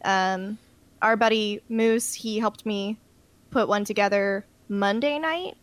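A woman's voice: mid-range voice, slow, clear, resonant tone, no echo. A young woman in radio chatting casually, rambling a little with frequent ums as she talks about her career plans. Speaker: radio news presenter. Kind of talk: casual chat.

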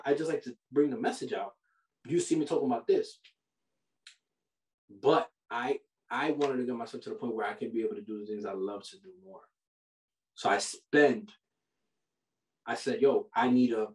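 A man hosting a podcast. He gives money advice in a casual, animated, preachy way, full of slang like "bro" and "yo". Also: mid-range voice, distant mic. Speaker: podcast host. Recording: roomy sound from off the mic.

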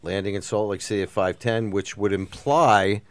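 A man co-hosting a talk show, giving a measured news update. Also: lowish voice, steady tone, smooth.

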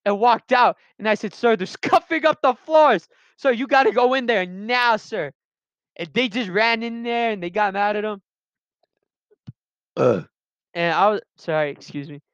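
High-voiced rambling young man. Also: normal speed, fairly bright tone, no room sound. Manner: rambling, self-interrupting, slangy. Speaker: vlogger telling personal stories. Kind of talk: rambling casual monologue. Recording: dull lo-fi sound.

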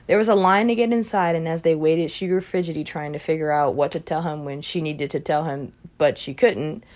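A woman reading a short story aloud in a calm, even manner. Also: low-pitched, fairly quick. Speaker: reader.

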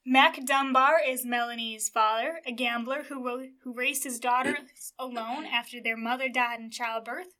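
High bright giggly young woman. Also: steady tone, normal speed, hardly any pauses. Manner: giggly, joking, reads out a character list. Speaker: podcast co-host. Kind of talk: casual chat.

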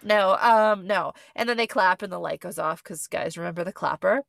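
Chatty woman with a gravelly, bright voice. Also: on the low side, moderate pace, a little hiss or hum. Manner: rambling and chatty, with frequent fillers and self-corrections. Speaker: podcast host. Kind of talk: casual movie recap chat.

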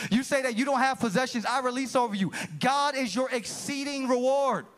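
A man's voice: very high-pitched, brisk, hardly any pauses, a bit bright. A man pastor preaching an impassioned sermon to a church congregation, calling out to the room. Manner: impassioned preaching, calls to the room, rising and falling. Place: church sanctuary.

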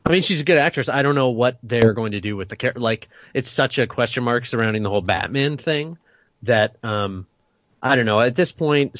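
A man's voice: mid-range voice, fairly bright tone, no echo, lo-fi sound. A man co-hosting a casual podcast chat, joking wryly and hedging with lots of "like". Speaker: podcast co-host.

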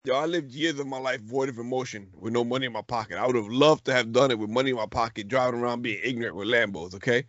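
Quick-paced with few pauses, this mid-range male voice is a bit bright and has no echo. A middle-aged podcast co-host, he tells a story in casual, slangy chat full of restarts, recorded in dull lo-fi sound.

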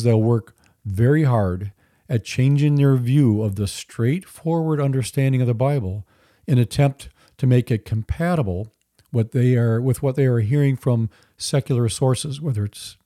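A man's voice: medium pitch, normal speed, warm tone, no echo. A man hosting a solo Christian teaching podcast, talking earnestly in a conversational way with dry asides. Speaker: podcast host.

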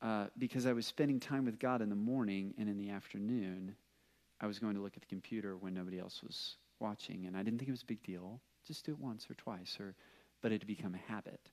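Man, young adult, pastor, casual sermon, animated storytelling, many fillers. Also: on the low side, fast.

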